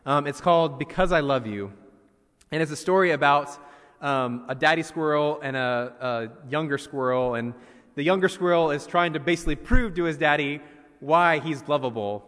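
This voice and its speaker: Pastor, male, somewhat high voice, earnest conversational sermon delivery, recorded in a church with long reverb. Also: normal speed, fairly bright tone. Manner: earnest, conversational preaching with frequent "you know" fillers.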